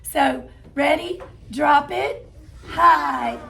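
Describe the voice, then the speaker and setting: A woman teacher walks a classroom of children through sounding out words. Her voice sits high and carries a gravelly fry, and she talks slowly, calling out each step and cheering them on. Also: slight background noise. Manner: slow, encouraging, calls out steps to children. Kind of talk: classroom phonics lesson.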